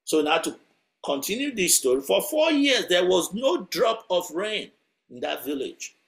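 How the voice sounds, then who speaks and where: A man preaches by telling a story, in a conversational way with chuckles along the way. His voice sits fairly high for a man. He speaks directly to the people listening. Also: sing-song, a little slow, gravelly, fairly bright tone. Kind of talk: sermon storytelling.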